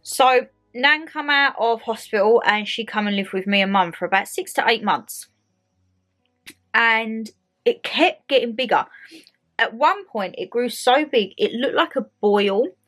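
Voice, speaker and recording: A young woman with an Essex accent chatting to camera as a vlogger, telling a story in a lively way and acting out the people in it. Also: fairly high pitch, unhurried, soft background music. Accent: Essex English. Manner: chatty, animated storytelling with acted quotes. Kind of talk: casual chat to camera. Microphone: handheld phone camera.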